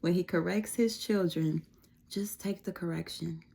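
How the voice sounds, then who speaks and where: Brief: woman, low mellow voice, reassuring faith-talk, chatty with fillers. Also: fairly even intonation, unhurried, vocal fry, husky. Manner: conversational, reassuring, frequent fillers and soft laughs. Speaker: Christian devotional speaker. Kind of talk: casual devotional message.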